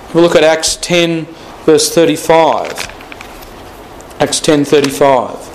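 Male preacher, slightly high voice, deliberate and repetitive, drawn-out scripture reading. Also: slight background noise, poor audio. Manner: slow and deliberate, repeating key phrases, stretching scripture quotes. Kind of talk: Bible teaching sermon.

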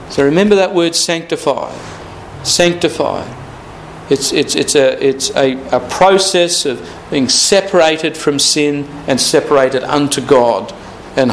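A man preaching a Bible teaching sermon, talking slowly and deliberately, repeating key phrases and drawing out scripture quotes. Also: on the high side, a little hiss or hum, rough recording.

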